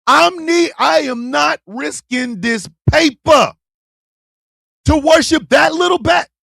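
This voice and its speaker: Guy ranting on his stream, cussing and yelling a lot, gravelly voice, dry close sound. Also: very high-pitched, dry recording. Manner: loud, profane, shouting and laughing, swings from yelling to muttering. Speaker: live-stream host. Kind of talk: profane live-stream rant.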